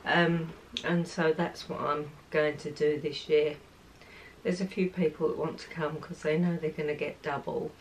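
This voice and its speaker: A woman in her sixties chatting casually on her lifestyle vlog, soft-spoken and heartfelt. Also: sits low, little pitch movement, normal speed, a little hiss or hum, rough recording. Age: 60s. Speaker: lifestyle vlogger.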